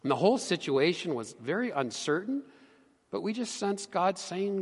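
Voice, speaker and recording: A middle-aged man, a pastor, preaching a sermon with earnest emphasis that drops to hushed tones. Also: sits high, very animated, measured pace, slightly rough, big-room sound. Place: church sanctuary.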